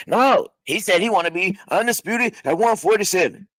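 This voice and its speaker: A man's voice: high-pitched, moderate pace, hardly any pauses, no echo. A man of fifty hosting a boxing livestream, reading chat and talking trash with lots of stuttered repeats and swearing. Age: 50s. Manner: animated, stuttering repetitions, profane trash talk.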